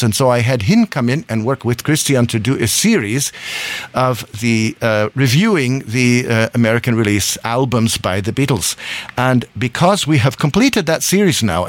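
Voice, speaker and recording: A man from Scotland hosting a live radio show from a studio, rambling in a casual, self-amused way and chuckling often. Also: mid-range voice.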